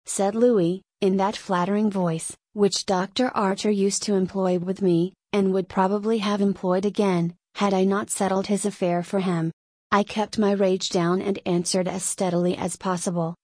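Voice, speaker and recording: A woman narrating a dark literary tale in the first person, giving a dramatic reading. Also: medium pitch, fairly even intonation, normal speed, dry recording. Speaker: audiobook narrator.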